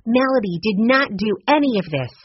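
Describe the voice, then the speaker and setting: A woman reading a storybook and voicing a gentle, loyal girl who speaks softly but firmly. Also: fairly high pitch, animated, moderate pace, dull audio, a little hiss or hum, voice pushed up, lightly acted.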